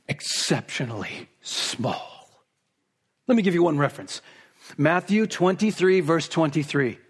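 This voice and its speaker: Preacher, male, slightly high husky voice, emphatic expository delivery. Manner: emphatic, rising to forceful peaks on repeated phrases. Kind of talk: expository sermon.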